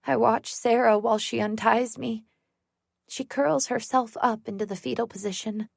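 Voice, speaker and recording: A woman narrating a thriller audiobook in the first person, measured and tense. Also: a little high, steady tone, creaky, dry recording, clean studio sound.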